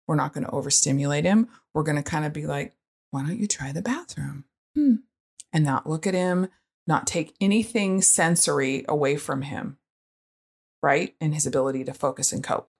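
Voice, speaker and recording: A woman sharing a parenting story in a casual monologue, chatty and animated, full of fillers and asides. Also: sits low. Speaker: parent sharing experience with autism.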